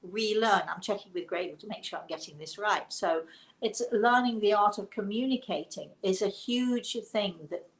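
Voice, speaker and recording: On a rough recording, a psychic medium hosts a casual live webinar, her mid-range female voice moving at a normal speed. She rambles through the chat with frequent laughs and plenty of restarts.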